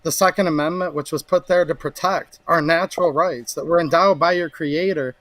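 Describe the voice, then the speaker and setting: A man's voice: a little high, steady tone, fairly quick, a bit bright, dry recording. Earnest, plain-spoken male podcast guest. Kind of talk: casual interview talk.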